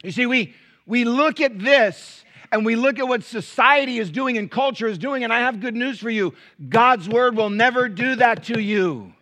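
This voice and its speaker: Bright high-pitched man preaching. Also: normal speed. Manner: animated preaching with rhetorical questions, dropping to quiet asides. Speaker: pastor. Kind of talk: sermon.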